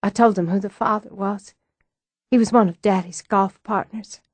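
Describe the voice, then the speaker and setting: A woman voicing a fragile, ashamed young woman in an audiobook, with a halting, emotional delivery. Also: medium pitch, fairly even intonation, breathy edge, dry recording, lightly acted. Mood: distraught. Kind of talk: audiobook dialogue.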